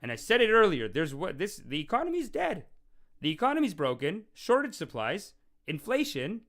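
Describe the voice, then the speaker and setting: A young man hosting a casual call-in show, rambling and animated, often restarting his sentences and acting out quotes. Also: sits high, normal speed. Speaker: show host and self-styled spiritual teacher. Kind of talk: casual livestream call-in talk.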